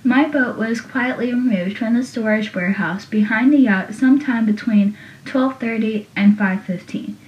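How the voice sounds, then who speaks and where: A woman's voice: a little high, normal speed, lightly acted. A young woman reading the lines of a pompous middle-aged male school principal in a formal tone. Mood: stern. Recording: dull, roomy, from a distance.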